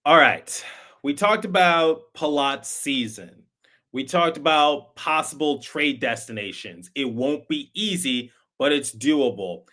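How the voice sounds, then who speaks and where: A man hosts a sports podcast with a bright, forceful tone. His talk is conversational and emphatic, and he sometimes repeats a word as he presses a point. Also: a little high, animated, slow pace. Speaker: podcast host. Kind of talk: opinionated sports commentary.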